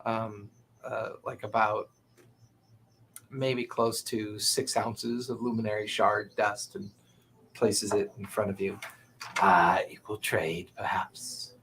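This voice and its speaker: A man narrating a tabletop game as game master, in a relaxed, casual way with fillers. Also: lowish voice, slow pace, creaky, long pauses, slight background noise.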